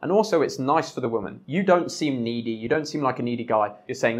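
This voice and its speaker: A man's voice: medium pitch, fast, hardly any pauses. A young man hosting a podcast, giving blunt dating advice in a coaching tone, with some swearing. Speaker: podcast host.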